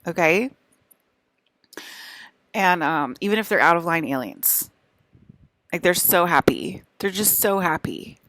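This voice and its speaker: A woman's voice: on the low side, lively intonation, a little slow, pauses often, fairly bright tone, dry recording. A young woman vlogger in a rambling monologue to camera, scolding and exasperated, repeating herself with lots of fillers.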